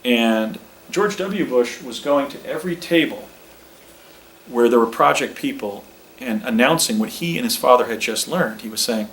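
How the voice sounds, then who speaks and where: A man's voice: mid-range voice, lively intonation, moderate pace, a bit bright, slight background noise, poor audio. A middle-aged man giving a presentation with slides, rambling with many restarts and a little out of breath. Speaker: speaker recounting personal claims.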